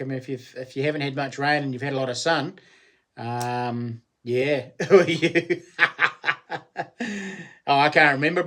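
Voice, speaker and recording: Laughing often and welcoming viewers by name, a middle-aged livestream host with a New Zealand accent keeps the chat casual and friendly. He has a mid-range voice with a fairly bright tone.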